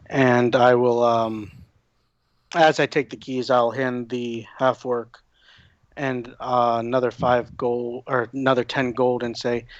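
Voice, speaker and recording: A man playing a tabletop game, who speaks politely and in a measured way, with some fillers. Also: medium pitch, little pitch movement, dry recording. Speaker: player. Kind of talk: casual in-character play. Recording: slightly dull lo-fi audio.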